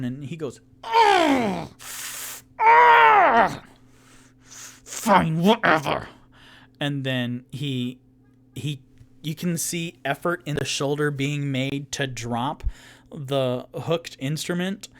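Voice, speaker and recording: Unhurried man narrating a solo game. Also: mid-range voice. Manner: casual, rambling, laughs at own jokes. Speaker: dungeon master playing solo.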